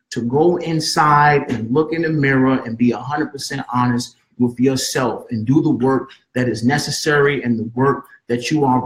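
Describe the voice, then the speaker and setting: A man hosts a spiritual talk show in a voice of ordinary pitch. He speaks earnestly and sincerely, and he circles back to the same words of encouragement again and again. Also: rough recording. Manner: earnest, repeating his affirmations. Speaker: host.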